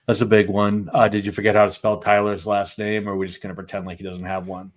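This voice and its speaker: Man, low voice, podcast guest, joking, casual banter. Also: level tone, quick pace. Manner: joking, playful teasing. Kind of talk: casual chat.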